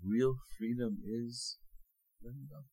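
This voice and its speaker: An older man, a rabbi, giving an animated sermon full of jokes and acted-out little scenes. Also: medium pitch, takes it slowly, breathy edge, poor audio.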